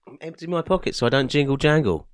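A man's voice: a little high, fast, dry recording. A man co-hosting a comedy podcast, teasing his partner, swearing, and putting on mock-showman intros. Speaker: podcast co-host. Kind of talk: casual comedic chat.

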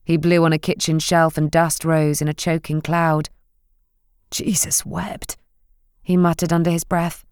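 A woman narrating a novel in a measured, gentle reading. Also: low voice, flat delivery, smooth, dry recording, clean studio sound. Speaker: audiobook narrator. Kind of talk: scripted narration.

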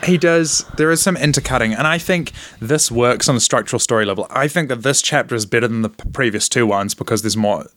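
A man's voice: mid-range voice, quick pace, few pauses, dry recording. Playful man chatting on a podcast. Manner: laughs often, animated, playful asides. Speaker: podcast co-host. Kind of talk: casual chat reviewing a comic.

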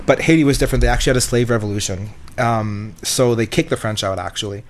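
A man's voice: mid-range voice, quick pace. A man co-hosting a podcast in casual chat, rambling, swearing and acting out quotes. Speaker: podcast co-host.

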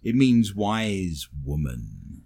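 A man's voice: deep voice, sing-song, drawn-out words, creaky, mellow, slightly rough. A man co-hosting a comedic podcast, reading listener messages in a wry, teasing way and laughing often. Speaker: podcast co-host.

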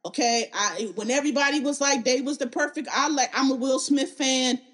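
Podcast host, woman, slightly high voice, heated blunt delivery heavy on profanity. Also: brisk, fairly bright tone. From Philadelphia. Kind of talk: opinionated podcast rant.

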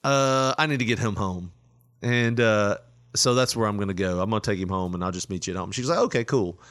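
A man's voice: lowish voice, fairly quick, a bit bright. A middle-aged man hosting a casual chat, telling a long story with frequent laughter and quoted lines. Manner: laughing often, retelling with quoted voices.

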